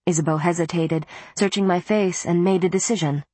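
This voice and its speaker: Low-voiced woman narrating an audiobook. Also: fairly even intonation, brisk, dark tone, husky, no echo. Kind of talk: scripted first-person narration.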